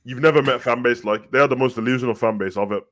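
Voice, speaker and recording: A man with a Birmingham accent runs through football talk in a loose, casual chat. He speaks in an animated way, heavy with slang. His pitch sits in the ordinary middle for a man. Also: rapid-fire. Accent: Birmingham English. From Birmingham, England. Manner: animated, slangy, repeats "bruv". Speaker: co-host.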